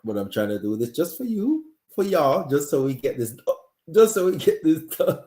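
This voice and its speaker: A man hosts a live-streamed talk show while sick and coughing, with a mellow, dark tone. He speaks earnestly and directly to his audience and often restarts his sentences. The sound has the echo of a hard-walled room. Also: fairly high pitch, very animated, normal speed. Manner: earnest, talks straight to viewers, frequent restarts. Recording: echoey room.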